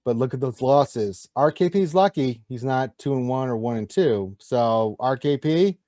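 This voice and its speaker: A man's voice: medium pitch, lively intonation, unhurried, dark tone, dry recording. Jokey male co-host, dry close mic. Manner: jokey, teasing, reads viewer notes aloud. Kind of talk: casual gaming show banter.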